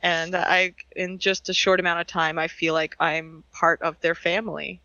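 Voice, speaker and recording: A man's voice: a little high, level tone, moderate pace, bright, forceful tone, no room sound, highs cut off. A man on a podcast talking earnestly and sentimentally about the people he is grateful for. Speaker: podcast co-host. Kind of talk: heartfelt casual podcast chat.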